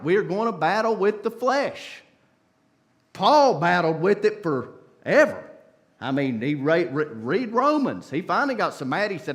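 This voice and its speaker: A man preaching a sermon in a church, swinging from soft, hushed pleas up to loud, impassioned climaxes. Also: high voice. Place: church sanctuary.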